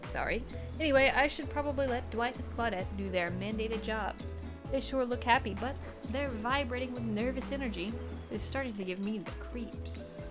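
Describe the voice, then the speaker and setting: A woman's voice: fairly high pitch, moderate pace, music in the background, close to an everyday voice. A woman doing a sly, shady game narrator. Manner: dry, sly, theatrical. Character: smug, shady island narrator, sly host.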